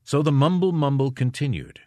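A man reading a nonfiction war history aloud as an audiobook narrator, measured and expressive. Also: medium pitch, dry recording, clean studio sound. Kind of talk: scripted narration.

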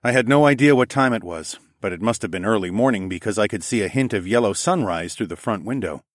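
Brief: low male narrator, animated pitch, dry booth sound. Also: fast talker, no room sound. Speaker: audiobook narrator. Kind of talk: first-person storybook narration.

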